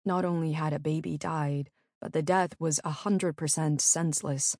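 A middle-aged woman narrating her own memoir in an earnest, measured storytelling manner. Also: low voice, fairly even intonation, darkish tone, dry recording, clean studio sound.

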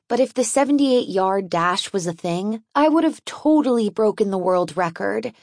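A woman's voice: mid-range voice, no echo. A woman narrating an audiobook in a wry, conversational first-person storytelling manner, recorded in a dry booth.

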